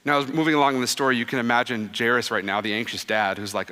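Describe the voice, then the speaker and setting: A man in his thirties, a pastor giving a conversational, animated sermon that drops soft and low for quoted words. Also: quick pace, few pauses. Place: church sanctuary. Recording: long reverb of a church hall.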